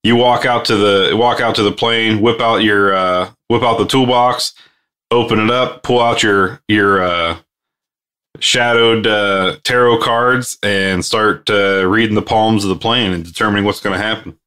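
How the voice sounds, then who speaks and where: Lowish bright-voiced joking man. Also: steady tone, unhurried, clean tone. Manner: jokey, riffs on gags. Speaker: podcast co-host. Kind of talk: casual podcast chat.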